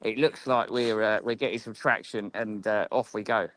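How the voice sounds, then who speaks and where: A man with an English accent in a casual live-stream chat, relaxed and rambling, often restarting his sentences. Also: lowish voice, moderate pace, no room sound.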